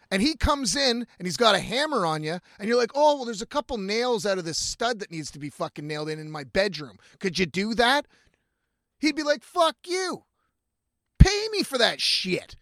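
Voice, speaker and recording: Man, high voice, dry close sound, profane, animated storytelling. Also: no room sound. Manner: profane, animated, acts out quotes.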